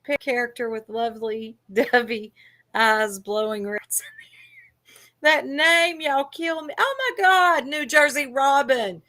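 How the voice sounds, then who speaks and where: A woman's voice: high-pitched, expressive, slow pace, bright, forceful tone. A woman co-hosting a livestream, chatty and teasing as she reads the chat aloud. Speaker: livestream co-host.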